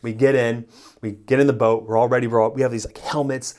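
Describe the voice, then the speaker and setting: A man's voice: medium pitch, fast talker. A man coaching on relationships, telling stories casually and animatedly, often adding "like" and "right?" and chuckling as he talks. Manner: animated storyteller, frequent "like" and "right?", chuckles while talking. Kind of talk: casual advice monologue to the camera.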